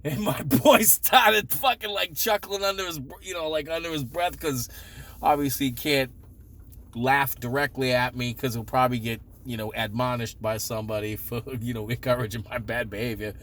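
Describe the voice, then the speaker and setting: A man with a Boston accent telling a story in a profane, sarcastic, animated rant. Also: medium pitch, moderate pace. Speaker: vlogger. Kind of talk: ranting story time.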